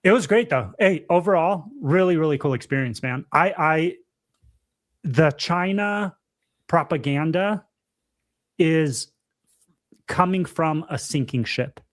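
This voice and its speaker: A young man co-hosting a casual podcast livestream, his voice sitting a little higher than most men's. He tells his stories in an animated way, full of fillers, restarts and laughter. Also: slow pace, long pauses. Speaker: podcast co-host.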